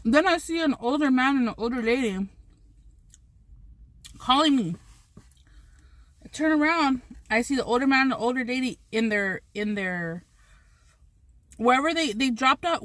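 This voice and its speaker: Woman vlogger with a slightly high voice, rambling and profane storytelling while eating, dry close-up sound. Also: normal speed, long pauses, a bit bright, dry recording. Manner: rambling, swears freely, many restarts.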